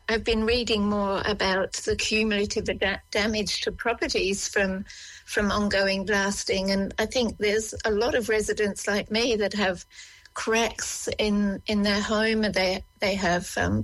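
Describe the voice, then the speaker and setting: A middle-aged Australian woman, a local resident giving an earnest, halting radio interview full of restarts. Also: medium pitch, flat delivery, a bit bright, rough recording.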